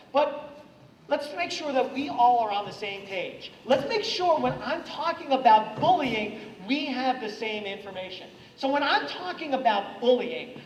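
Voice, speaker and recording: Guy doing an anti-bullying talk at a school, lively, recorded from far back in an echoey hall. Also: extremely high pitch, a little hiss or hum. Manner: energetic, gets the audience to repeat lines.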